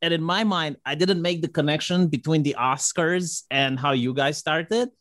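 A man who is a podcast guest talks in a loose, chatty way, tossing out questions and tripping over his words. His voice sits a bit higher than most men's. It is recorded dry and close. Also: normal speed, a bit bright, no room sound. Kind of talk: casual chat.

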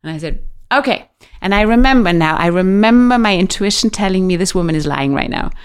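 A middle-aged woman telling a personal story in a casual interview, animated and acting out the voices of the people she quotes. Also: mid-range voice, brisk, clean tone. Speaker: guest.

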